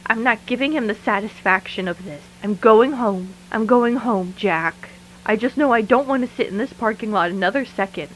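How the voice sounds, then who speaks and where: A woman's voice: on the high side, moderate pace, a little hiss or hum, lightly acted, low-quality recording. An actress voicing a frightened, sleepless woman who confides her thoughts to a tape recorder in an audio drama monologue. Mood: shaken. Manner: hushed and confiding, then rattled and angry. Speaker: lead character of an audio drama.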